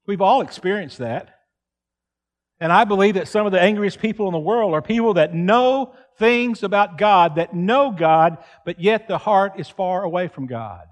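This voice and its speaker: Male pastor in his fifties, high voice, earnest pulpit delivery. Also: expressive, moderate pace. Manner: earnest preaching, acts out quoted pleas loudly. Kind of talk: sermon. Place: church.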